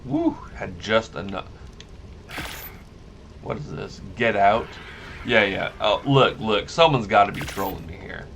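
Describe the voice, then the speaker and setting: Lowish male gamer, chatty and rambling over gameplay, audible background noise. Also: sing-song, a little slow, gravelly, long pauses, fairly bright tone. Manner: rambling, self-correcting, easily amused. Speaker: gaming YouTuber. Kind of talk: casual let's-play commentary.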